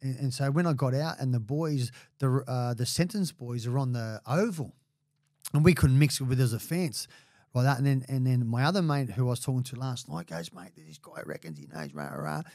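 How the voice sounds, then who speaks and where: A man's voice: mid-range voice, moderate pace, darkish tone, no room sound, clean studio sound. An Australian man in his forties, a podcast guest, telling stories in a rambling, profane way, full of "mate" and restarts. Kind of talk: casual storytelling.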